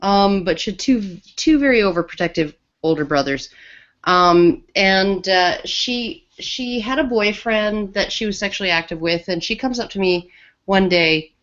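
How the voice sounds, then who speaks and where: Slow, rambling woman co-host, dull lo-fi podcast sound. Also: medium pitch, a bit bright. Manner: rambling, lots of restarts and fillers. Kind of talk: casual conversational storytelling. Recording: dull lo-fi audio.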